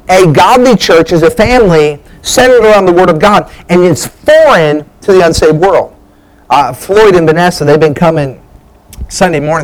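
Male pastor, slightly high voice, lively sermon delivery full of asides. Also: low-quality recording. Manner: animated preaching with joking asides and restarts.

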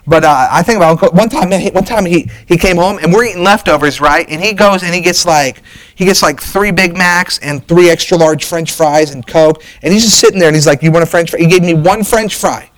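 A man's voice: sits high, a little fast, fairly bright tone, rough recording. A middle-aged man preaching a sermon as pastor, folksy and storytelling, with frequent fillers and restarts.

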